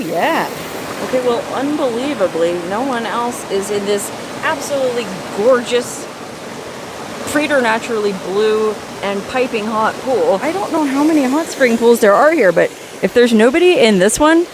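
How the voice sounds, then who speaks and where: A woman's voice: on the high side, animated, moderate pace, noisy background. A woman hosting a chatty outdoor travel vlog, recorded on a forest trail by hot springs. She talks with enthusiasm, dry wit and salty humor.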